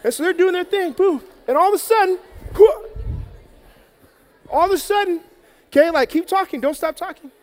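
A man telling a Bible story to children in a lively, playful way, acting it out and getting out of breath. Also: extremely high pitch, normal speed, long pauses, big-room sound. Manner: energetic, playful, acts out the story. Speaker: children's preacher. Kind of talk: animated Bible story for kids. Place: church hall with an audience.

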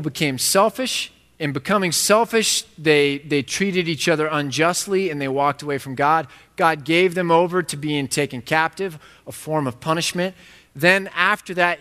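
A man preaching with a bright, forceful voice set a little high. He speaks casually but emphatically, throwing in conversational asides, and his words ring out with a long echo from a large hall. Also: smooth. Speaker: pastor. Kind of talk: sermon.

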